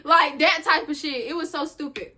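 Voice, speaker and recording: Woman, young adult, high voice, slangy casual storytelling, vlog co-host. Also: fairly even intonation, moderate pace, sharp tone. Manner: loose, slangy, laughing storytelling.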